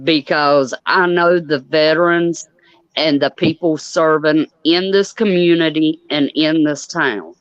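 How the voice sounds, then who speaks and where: A woman from Georgia, hosting a casual group chat and telling drawn-out stories. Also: low-pitched, dry recording, highs cut off. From Georgia, USA. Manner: chatty, drawn-out storytelling. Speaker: channel host.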